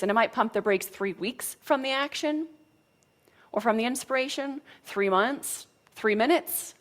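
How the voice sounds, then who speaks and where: Frank, casual woman spiritual coach. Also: a little high. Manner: frank and casual, with mild cursing and frequent "right?" check-ins. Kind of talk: motivational teaching talk.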